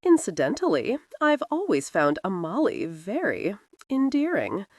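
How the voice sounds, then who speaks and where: A woman narrator voicing a sly older male aristocrat who speaks in a slow, lazy drawl. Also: mid-range voice, huge pitch swings, no room sound, studio quality. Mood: teasing.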